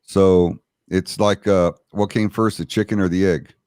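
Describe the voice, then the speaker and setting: A man hosting a casual political podcast who reads out viewer comments, hesitant and full of fillers. His voice is very low and sounds dry and close to the mic. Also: steady tone, a little slow, darkish tone, smooth, dry recording. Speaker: podcast host reading chat comments.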